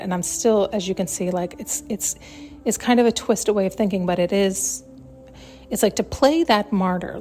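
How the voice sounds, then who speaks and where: A woman's voice: medium pitch, warm tone. A woman hosting a solo spiritual podcast, talking in a searching, emphatic way and now and then acting out the voices she quotes. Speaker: podcast host.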